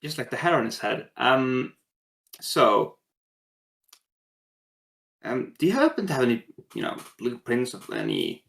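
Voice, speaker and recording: A man playing his own character at a tabletop game, wry and casual, with plenty of fillers. His pitch swings widely from word to word, and his voice carries a gravelly rasp. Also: sing-song, unhurried, pauses often, fairly bright tone. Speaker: player. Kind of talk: tabletop role-play in character.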